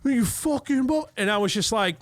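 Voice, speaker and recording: A man co-hosting a podcast, telling a profane, animated story in casual chat. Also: very high-pitched, normal speed, a little hiss or hum. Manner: profane, animated retelling with quoted rants. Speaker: podcast co-host.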